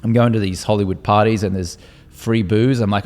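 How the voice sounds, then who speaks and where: An Australian man telling his story as a guest in an interview, animated and acting out quotes. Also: lowish voice, a little fast, long reverb tail. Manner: animated, acts out quotes with voices.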